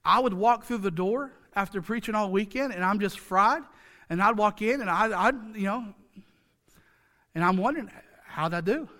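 Delivering a sermon, a male pastor speaks in a high, bright, forceful voice at a moderate pace. His style is chatty and joking, full of rhetorical asides, with repeated phrases for emphasis and rhetorical questions aimed at the congregation.

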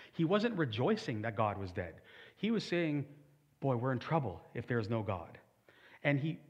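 A man's voice: mid-range voice, lo-fi sound. A man preaching a sermon as a pastor, conversational with humorous asides.

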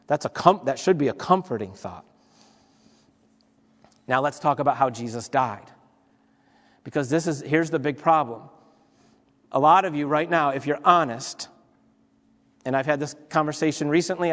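A man preaching a sermon as pastor, earnest and repetitive, building his points with rhetorical questions. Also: a little high. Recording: long hall reverb.

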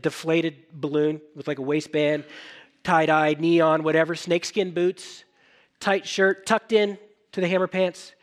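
A middle-aged male pastor preaching a sermon, telling stories with animated acted-out dialogue. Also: on the high side. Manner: animated storytelling, acting out dialogue.

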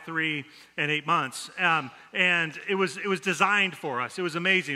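A man's voice: sits high, sharp tone. A man, giving a conversational sermon full of stories and self-deprecating jokes. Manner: storytelling, self-deprecating humor. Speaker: pastor. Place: church sanctuary. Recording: long hall reverb.

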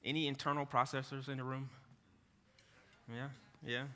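A man preaching a sermon to his congregation in an earnest, halting way, often restarting and turning to the room with asides. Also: mid-range voice, level tone, pushed and bright, clean tone. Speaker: pastor. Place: church hall. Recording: echoey hall.

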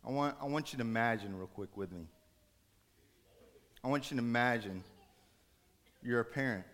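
A man preaching a sermon, telling a story dramatically, rising to urgent raised passages and dropping to hushed soft ones. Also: medium pitch, moderate pace.

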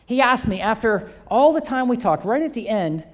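A man's voice: extremely high pitch, lively intonation, normal speed. A man who teaches a church faith course, telling a testimony story and acting out both sides of the conversations.

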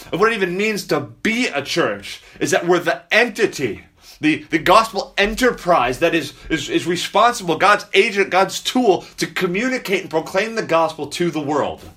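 A man, a pastor, preaching a sermon to his congregation, repeating key phrases slowly for emphasis and stopping to speak directly to the children. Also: on the high side, very animated, sharp tone, slightly rough.

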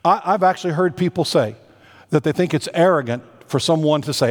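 A man with a slightly high voice preaches a sermon as senior pastor. He is earnest and emphatic and slows right down on the words he wants to land. A long reverb trails each phrase, as in a big hall.

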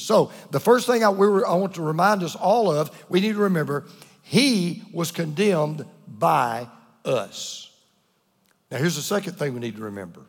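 Earnest pastor preaching in a reverberant church. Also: male voice, fairly high pitch. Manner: earnest, repeats phrases for emphasis, drops to a hush on key words. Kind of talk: sermon.

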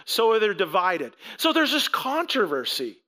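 A man's voice: high voice, huge pitch swings, a little slow, sharp tone. A middle-aged male pastor giving a conversational sermon, telling the story with animation and acting out the voices of the people in it.

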